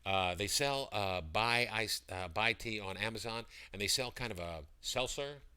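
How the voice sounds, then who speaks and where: A man's voice: on the low side, lively intonation, normal speed, pushed and bright, clean tone. A man selling products on a casual livestream, rambling and greeting chat viewers by name as he talks. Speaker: livestream seller. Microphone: computer mic.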